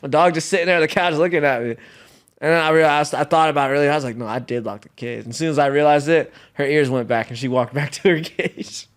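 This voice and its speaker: A man's voice: on the high side, fairly even intonation, fast talker, smooth. Laid-back young man telling stories. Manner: laid-back slang-heavy storytelling with laughs. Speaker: guest athlete. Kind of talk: casual chat.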